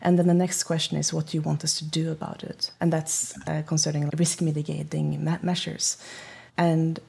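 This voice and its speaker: A woman's voice: sits low, flat delivery, moderate pace, creaky, darkish tone, husky. A woman, a project manager being interviewed, speaking thoughtfully with many restarts. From Norway. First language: Norwegian. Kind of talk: interview talk.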